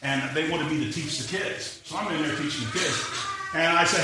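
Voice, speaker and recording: A fairly high-pitched man preaches at a fairly quick clip, animatedly acting out quoted voices as he tells personal stories. The setting is a church sanctuary, captured by a far-off mic with echo and faint background noise.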